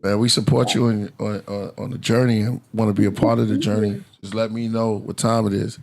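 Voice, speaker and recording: A man's voice: lowish voice, level tone, brisk, vocal fry, a crowd in the background. A man hosting a podcast in casual chat, laid-back and affirming, often dropping "man" into his sentences. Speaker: podcast host.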